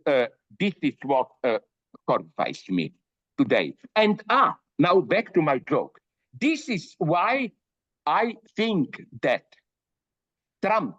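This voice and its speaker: Older guy rambling emphatically w lots of uhs, slowish, muffled dry sound. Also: fairly high pitch, no echo. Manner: emphatic, many fillers and restarts, tells jokes. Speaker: philosopher guest. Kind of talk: animated interview talk. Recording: dull dry audio.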